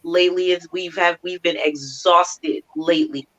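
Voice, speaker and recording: A woman's voice: fairly low pitch, fairly even intonation, moderate pace. A woman in her thirties, a mother of four, speaking earnestly and candidly as a guest on a talk show and often quoting her family. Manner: earnest, laughs often, quotes family members. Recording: dull lo-fi audio.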